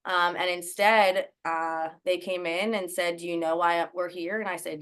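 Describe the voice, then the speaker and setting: Candid woman guest, slightly low voice. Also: steady tone, normal speed, a bit bright, clean tone. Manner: casual, full of "um", "like" and "right?". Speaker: podcast guest. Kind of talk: candid personal storytelling.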